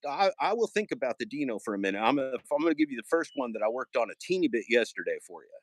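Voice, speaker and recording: A man's voice: mid-range voice, a bit bright, no room sound. Sarcastic man rambling on a livestream. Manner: sarcastic, joking, taunting. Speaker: live streamer. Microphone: phone held in hand.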